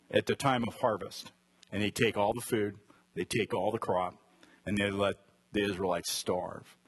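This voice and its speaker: A man's voice: medium pitch, fairly bright tone, husky. A man teaching a conversational Bible study sermon and asking his listeners direct questions. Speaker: preacher.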